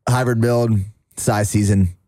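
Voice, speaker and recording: A man's voice: lowish voice, fairly even intonation, unhurried, dark tone, no room sound. Laid back guy chatting on a podcast, pokes fun at himself, dry close sound. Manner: easygoing, self-deprecating, laughs at himself. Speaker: podcast host and athlete. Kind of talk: casual chat.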